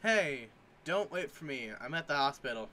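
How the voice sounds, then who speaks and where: A man's voice: a little high, animated, normal speed, sharp tone, a little hiss or hum. A man in casual commentary, reading memes aloud and joking, sometimes putting on mock voices. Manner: jokey, reads captions aloud with mock voices.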